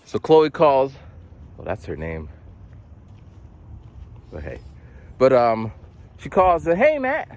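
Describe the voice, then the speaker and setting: A man's voice: mid-range voice, big pitch swings, slow, gravelly, pauses often, a little mellow. A young man talking in a rambling, casual monologue, with many restarts and acted-out voices. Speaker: vlogger.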